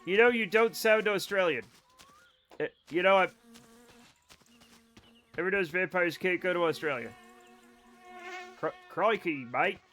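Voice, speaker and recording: A young Scottish man chats casually with his viewers while streaming a game, joking, rambling and often dissolving into giggles. His voice is high and fairly bright, at a normal speed with long pauses.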